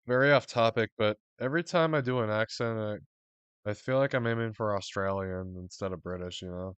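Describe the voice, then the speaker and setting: A man's voice: fairly low pitch, moderate pace, a bit bright, smooth, dry recording. A male streamer rambling offhandedly while playing a game. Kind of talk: casual gameplay commentary.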